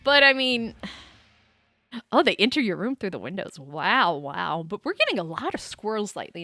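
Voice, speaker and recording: Woman, game streamer, rambling animated chatter, swears at the game, bright tense tone, very dry close sound. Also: mid-range voice, moderate pace, no echo. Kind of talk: casual gameplay chat.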